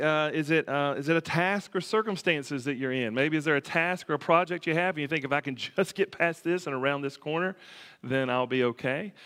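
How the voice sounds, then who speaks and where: A man's voice: medium pitch, a bit bright. A man preaching a conversational sermon as pastor, with plenty of fillers and restarts. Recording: long hall reverb.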